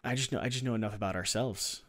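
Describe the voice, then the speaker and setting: A man's voice: on the low side, quick pace, a crowd in the background. A man teasing and joking with friends while they play a board game. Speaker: game player. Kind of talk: casual chat while playing a board game.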